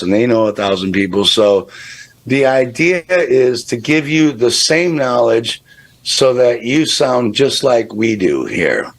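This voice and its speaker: A man talking as a guest on a radio show, emphatic and blunt, swearing freely in casual chat. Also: mid-range voice.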